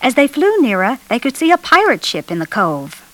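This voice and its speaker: A woman reading a children's storybook aloud in an expressive, animated way, lifting her voice for the children's lines. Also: on the high side, moderate pace, poor audio. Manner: lively expressive read-aloud, raising her voice for children's dialogue. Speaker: storybook narrator.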